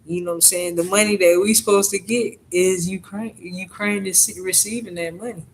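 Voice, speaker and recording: A woman's voice: lowish voice, steady tone, fairly quick, slight background noise, poor audio. Profane, rambling woman telling stories. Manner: profane, rambling, frequent "you know what I'm saying". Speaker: vlogger. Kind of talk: casual storytelling monologue.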